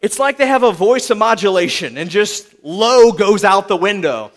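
A man with a very high voice gives a sermon in a relaxed, conversational tone. His pitch swings widely as he talks, and he breaks into playful little voices for examples. He keeps checking in with "right?". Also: moderate pace.

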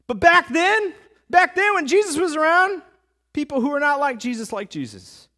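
Animated, high-pitched preaching man. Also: normal speed. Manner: animated, conversational preaching with frequent asides to the crowd. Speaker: pastor. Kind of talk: sermon.

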